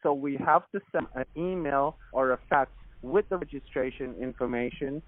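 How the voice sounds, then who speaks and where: A man with a Jamaican accent making a pushy phone pitch, repeatedly calling the listener madam and sweetheart. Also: normal speed, no echo. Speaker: phone scammer. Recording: dry tinny phone line.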